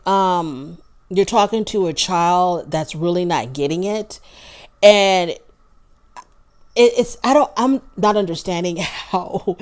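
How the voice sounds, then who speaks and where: A woman's voice: low voice, darkish tone. A woman hosting her own review show, chatting casually and candidly and acting out what others said. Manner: candid, opinionated, acts out quotes. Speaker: show host reviewing a reality series. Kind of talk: casual chat.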